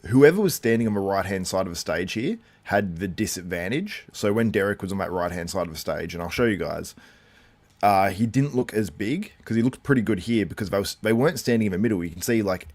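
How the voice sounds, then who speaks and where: A man's voice: fairly low pitch, expressive, fairly quick, a little mellow. A man hosting a live watchalong stream, chatting loosely and reacting to viewer comments as he talks things through. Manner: loose and rambling with frequent fillers. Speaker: host.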